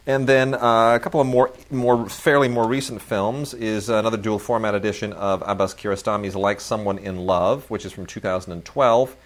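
A man with a fairly low voice co-hosts a casual film podcast. He rambles with enthusiasm, piling on fillers and restarts as he praises each release. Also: steady tone, moderate pace, hardly any pauses. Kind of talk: casual chat about new film releases.

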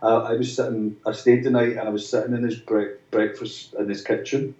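Brisk and flat, with a medium-pitched, dark-toned voice, a musician chats as an interview guest. He tells long stories, restarts often, and imitates the voices of those he quotes, all captured in a distant, roomy, dull-sounding recording.

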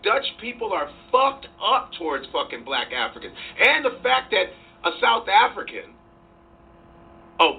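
Profane animated man, distant tinny sound. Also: sits high. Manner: profane, acts out voices and quotes. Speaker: comedian interviewed as guest. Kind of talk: animated interview talk.

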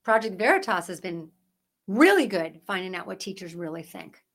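A woman's voice: mid-range voice, big pitch swings, moderate pace, fairly bright tone. A woman hosting a Christian podcast, giving impassioned commentary with emphatic, preachy delivery and a string of rhetorical questions. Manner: parent. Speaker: podcast host.

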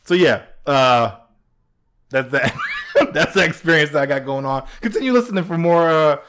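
Animated laughing man telling stories. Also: a little high, moderate pace, clear, resonant tone. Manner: animated storyteller who acts out quotes, swears, laughs often. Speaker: podcast co-host. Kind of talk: casual chat, storytelling.

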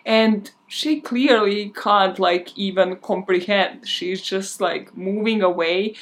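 A woman's voice: medium pitch, slow pace. A woman podcast host casually recapping a movie in a chatty way, with a lot of "like". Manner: chatty, with frequent filler "like".

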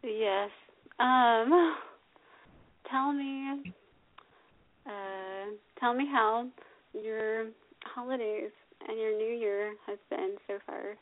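A woman's voice: on the high side, drawn-out words, pauses often. A young woman hosting a call-in radio show, laughing often and trailing off into ums as she chats. Her voice comes through a thin, tinny phone line. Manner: giggly, chatty, hesitant with many ums. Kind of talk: casual call-in interview.

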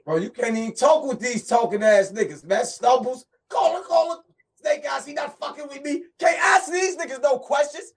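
Distant man shouting insistently. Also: very high voice, lively intonation, moderate pace. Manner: insistent, repeats himself. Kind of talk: shouted argument. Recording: distant, off-mic voice.

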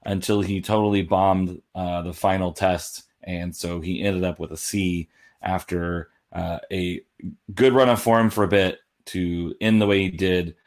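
A man co-hosting a casual sports podcast over a call, measured and earnest, filling with um and you know. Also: low voice, steady tone. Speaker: podcast co-host.

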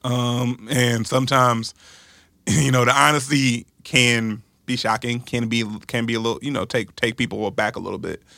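A man speaks on a podcast in a halting, reflective way, often starting over. His voice is gravelly and bright, with a tense edge. It is recorded dry and close, with no room echo. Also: medium pitch, fairly even intonation. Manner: reflective, halting, with many fillers and restarts. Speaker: podcast co-host. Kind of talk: candid podcast conversation.

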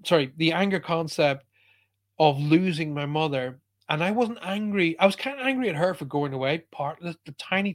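A man who works as a psychic medium answers a listener's question with earnest emphasis. His voice sits a little on the high side, and he often breaks off and restarts his sentences as he tells a personal story. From Ireland.

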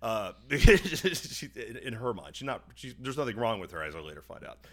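A man's voice: on the low side, a little fast. A young man co-hosting a podcast, telling a story casually and profanely and acting out the other people's lines. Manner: profane, animated, acts out dialogue in voices. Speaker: podcast co-host.

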